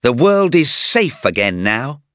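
A man voicing a brave young male hero in a raised, energetic voice. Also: mid-range voice, a little slow, no room sound, studio quality, voice pushed up. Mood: eager. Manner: energetic, exclaiming delivery.

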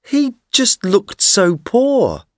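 An eager, kind young man from an audiobook tale, his questions springing upward in pitch , voiced by a man reading the story. He talks in quick bursts of surprise but at a measured, unhurried pace. The sound is close and dry. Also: wildly swooping pitch, dry recording, exaggerated voice. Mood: earnest. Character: young man, poor, kind-hearted, easily flustered.

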